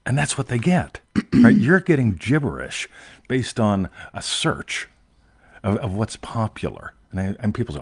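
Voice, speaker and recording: A man's voice: lowish voice, big pitch swings, measured pace, gravelly, breathy edge, dry recording. A man hosting a casual chat, rambling and emphatic, often tagging "right?" and swearing offhandedly. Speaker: host.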